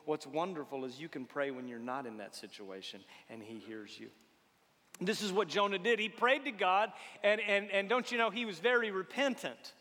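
A man preaching a folksy, humorous sermon, swinging between loud exhortation and hushed tones. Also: sits high, lively intonation, normal speed, big-room sound.

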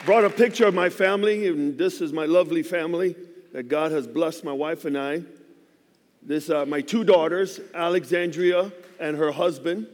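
A man in his fifties, a guest pastor, preaching a sermon in a church with lively, joking storytelling. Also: on the high side, normal speed, in a large hall. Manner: animated storytelling with joking asides. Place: church sanctuary.

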